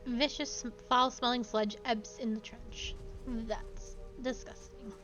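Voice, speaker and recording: Woman VTuber, upper-pitched, playful casual commentary with read-aloud game text. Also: steady tone, takes it slowly, fairly bright tone, faint music behind. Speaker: VTuber streamer.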